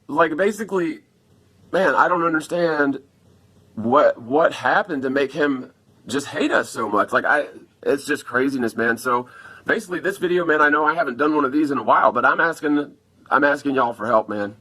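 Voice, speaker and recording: A man's voice: fairly high pitch, moderate pace, pushed and bright, breathy edge. A man talking to camera on a phone in a rambling, profane casual vlog, upset after an attack and asking viewers for help.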